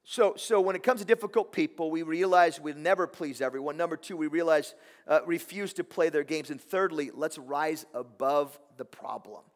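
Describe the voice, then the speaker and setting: A man's voice: on the high side, brisk. A man preaching a sermon as pastor, impassioned, repeating words and asking the congregation questions. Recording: long hall reverb.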